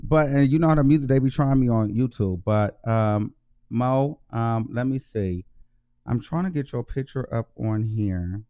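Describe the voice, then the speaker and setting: A man hosting his own channel, giving heartfelt shout-outs in slangy casual talk and repeating himself for emphasis. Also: mid-range voice, unhurried. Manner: heartfelt, emotional. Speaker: YouTube show host. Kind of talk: casual vlog shout-out to viewers.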